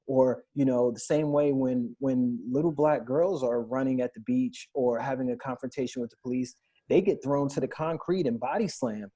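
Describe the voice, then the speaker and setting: A man's voice: medium pitch, fairly quick, dark tone. A man in his thirties on a podcast panel, earnestly recounting personal stories in a candid discussion.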